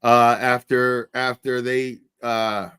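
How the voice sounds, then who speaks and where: A man's voice: mid-range voice, flat delivery, slow, fairly bright tone, smooth. A man hosting a casual livestream with callers, laid-back and swearing freely. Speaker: livestream host.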